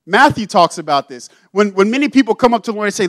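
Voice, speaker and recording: High-voiced pastor preaching a lively sermon. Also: male voice, fast, hardly any pauses, no room sound, rough recording. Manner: conversational, acts out Bible figures in casual voices.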